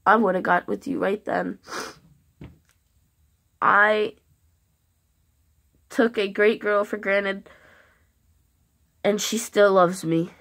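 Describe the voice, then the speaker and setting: A woman speaking a heartfelt love message to camera, earnest and halting, with long pauses. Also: mid-range voice, fairly even intonation, a bit bright. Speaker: vlogger.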